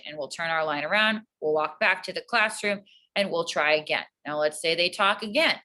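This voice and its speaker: Earnest woman teacher, bright voice. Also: lowish voice, normal speed, low-quality recording. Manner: earnest, calm, explanatory. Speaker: teacher, guest. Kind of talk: casual interview answer.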